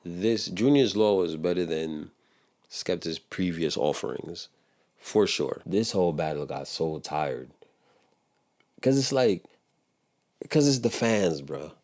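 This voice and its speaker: A young man with an American accent, his voice sitting very low. He talks in a relaxed, meandering way, dropping slang and laughing as he comments on what he just heard. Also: slow pace, long pauses. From United States. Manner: laid-back, rambling, laughs often, with slang. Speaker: reaction video host. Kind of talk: casual commentary.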